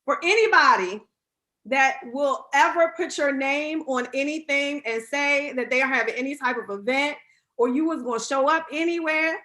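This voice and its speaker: A woman's voice: sits high, moderate pace, bright, forceful tone. A woman hosting a casual interview over a video call, upbeat and laughing often. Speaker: radio show host.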